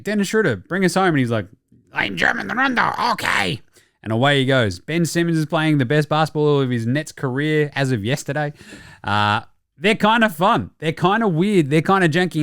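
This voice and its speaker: A young man riffs through a basketball ranking, swearing often and dropping into little mock quotes. His voice sits a touch high for a man. The sound is dry and close. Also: clean tone, no echo. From Australia. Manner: profane, animated, mock-quoting players and himself. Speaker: basketball podcast host. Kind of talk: casual sports commentary.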